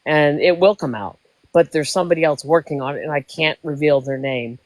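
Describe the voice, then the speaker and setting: A woman's voice: low voice, fairly quick, dry recording, poor audio. A woman in her sixties telling a long emotional story in casual chat, rambling. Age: 60s. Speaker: guest.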